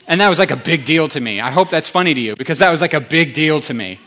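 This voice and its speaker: A male pastor giving a conversational sermon, animated, with chatty asides to the congregation. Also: on the high side, fast talker, few pauses.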